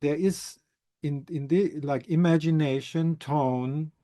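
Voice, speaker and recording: Male somatic teacher, slow and deliberate, soft dark timbre, restarts often while thinking aloud. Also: on the high side, steady tone. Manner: halting, thoughtful, frequent restarts. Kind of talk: explanatory talk answering a question.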